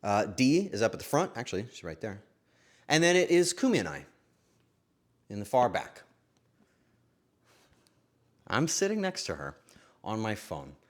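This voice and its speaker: A young man hosting a stream, telling a story to his chat in a casual, swearing, animated way. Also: lowish voice, unhurried, pauses often. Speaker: streamer host.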